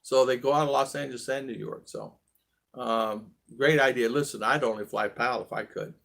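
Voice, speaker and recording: Gravelly, rambling male livestream host. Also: medium pitch, steady tone, a bit bright. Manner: rambling, halting, many fillers and restarts; friendly, greets viewers one by one. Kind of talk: casual live chat greeting viewers.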